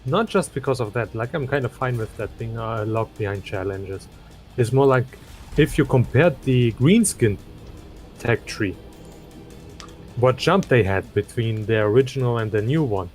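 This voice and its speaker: A man with a German accent chatting thoughtfully while playing a strategy game, pausing often with "uh". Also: medium pitch, expressive, faint music behind. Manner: thoughtful, hesitant, many uhs. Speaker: gamer. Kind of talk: casual gaming chat.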